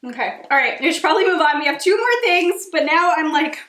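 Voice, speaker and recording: Bubbly Rhode Island woman, high voice. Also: lively intonation, fast, fairly bright tone, a little hiss or hum. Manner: bubbly, giggly, gushing. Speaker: cooking channel host. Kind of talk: casual taste-test chat. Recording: echoey room.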